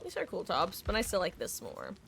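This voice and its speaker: A woman's voice: fairly low pitch, wildly swooping pitch, a little fast, gravelly, a bit bright. A woman chats casually to her stream while she plays, goofy and rambling, now and then talking through a mouthful of food. Her allergies leave her a little stuffy. A faint hiss sits under her home desk mic. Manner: chatty and goofy, talks while eating. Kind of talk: casual gaming stream chat.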